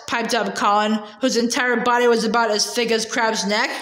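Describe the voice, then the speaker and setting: Woman, amateur read-aloud of a novel; high voice, echoey room. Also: level tone, moderate pace, hardly any pauses, fairly bright tone. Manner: unpolished reading with slips and restarts. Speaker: reader. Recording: roomy echo.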